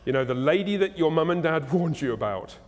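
A male pastor preaching a sermon in a conversational, animated and humorous way, in a church. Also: a little high, a little fast, a little hiss or hum. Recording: echoey hall.

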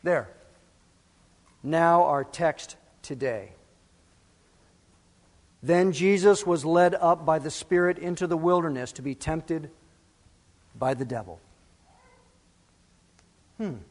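Guy preaching in a church, pretty high voice, big long reverb, asks the crowd lots of questions. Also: slow pace, long pauses. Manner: emphatic, with rhetorical questions. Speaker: pastor. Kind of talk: sermon.

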